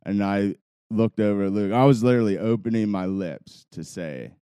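Low, mellow-voiced young man telling stories. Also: normal speed, smooth, no room sound, clean studio sound. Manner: rambling, profane, laughs while telling a story. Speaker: podcast co-host. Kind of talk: casual storytelling chat.

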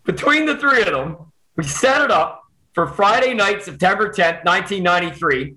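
A Canadian man telling a personal story in casual chat, animated and quick with restarts. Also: sits high, poor audio.

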